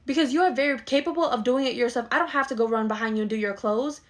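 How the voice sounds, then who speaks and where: Comedy skit: woman as a scolding, son-favoring mother, fast talker, slightly high voice. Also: lightly acted. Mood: bossy. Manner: scolding, dismissive, indignant. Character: bossy middle-aged mother who dotes on her son. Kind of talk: skit role-play.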